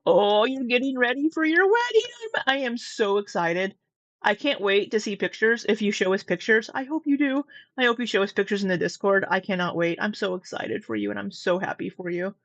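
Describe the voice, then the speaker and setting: A woman's voice: medium pitch, no echo, dull audio. A woman hosting casual commentary, chatty and gushing with rambling asides. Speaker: commentary host.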